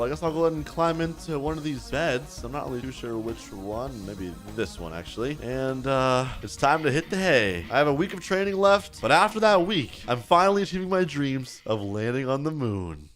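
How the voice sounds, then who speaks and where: Excitable man narrating gameplay. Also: mid-range voice. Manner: excitable, playful, talks to viewers as "boys". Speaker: gaming YouTuber. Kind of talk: gameplay role-play narration.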